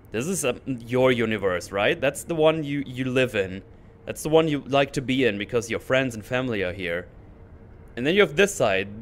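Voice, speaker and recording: A man hosting his channel, ranting in a casual, sarcastic way with mocking asides. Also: medium pitch. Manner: animated, sarcastic, mocking voices. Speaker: channel host.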